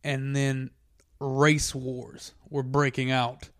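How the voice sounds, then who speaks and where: A man's voice: medium pitch, flat delivery, dry recording, studio quality. A man in casual chat, joking and swearing as he recalls his school days. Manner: joking, profane, quick quips.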